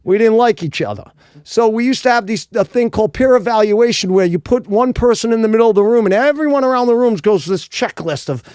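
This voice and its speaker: A high-pitched New man spins a rowdy, cursing story on a podcast, jumping into other people's voices as he goes. His voice is close and dry, with no room around it. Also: fairly quick, clean tone, dry recording. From Rhode Island, US. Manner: animated, profane, acts out quoted voices. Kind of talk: casual storytelling.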